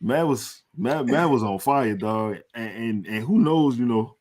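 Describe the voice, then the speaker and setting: A man's voice: mid-range voice, expressive, unhurried, a loud crowd. A man co-hosting a live postgame sports show, bantering in laid-back slang. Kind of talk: live sports talk stream.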